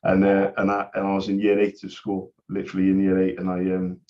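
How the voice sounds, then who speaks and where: Chatty bloke selling printer stuff on the phone, lowish voice, dull muffled line. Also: male voice, monotone, quick pace. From West Yorkshire, England. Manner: chatty, persuasive, rambling, says "mate" often. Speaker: printer supplies salesman. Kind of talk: sales phone call. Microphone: phone call.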